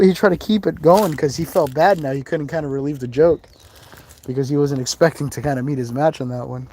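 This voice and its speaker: A man's voice: a little high, moderate pace, dark tone. A man hosting a live ghost-hunting stream in a cemetery, chatting casually and rambling with laughs and asides. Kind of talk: casual live-stream chat while exploring. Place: outdoors in a cemetery.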